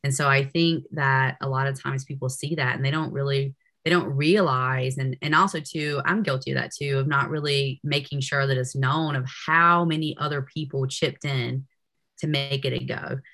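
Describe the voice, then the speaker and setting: As a podcast guest, a woman researcher talks in easy, chatty interview conversation, peppering her speech with "you know." She has a bass voice with a steady, fairly bright tone at normal speed.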